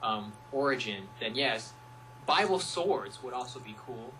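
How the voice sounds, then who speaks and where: A young man with a bright, forward voice talks loosely and playfully, jumping into little impressions as he tells stories. He is chatting over a home setup, and a faint electrical hum sits under the voice. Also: medium pitch, expressive, a little slow, rough recording. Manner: playful, rambling storyteller who acts out quotes. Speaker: music producer guest. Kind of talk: casual chat.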